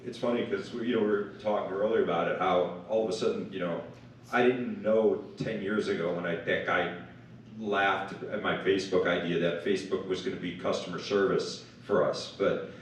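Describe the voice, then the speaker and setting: Lower-pitched man, chatty founder telling a story, echoey hall from far off, faint noise. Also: steady tone, normal speed. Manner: chatty, self-described blabbermouth, many fillers. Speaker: company founder on a panel. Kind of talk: casual anecdote on stage. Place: large event hall.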